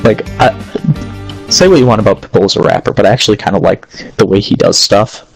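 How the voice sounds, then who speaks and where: A young man in casual chat, opinionated and full of fillers, with a slightly low voice. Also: fast, vocal fry, soft background music, rough recording.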